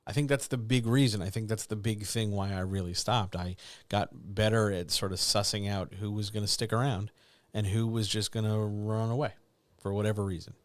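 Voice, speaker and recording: Middle-aged man, low voice, dry close sound, candid rambling livestream talk. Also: steady tone, normal speed, dry recording. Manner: candid, rambling, self-deprecating. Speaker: writing coach and editor hosting a live chat. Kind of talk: casual livestream chat.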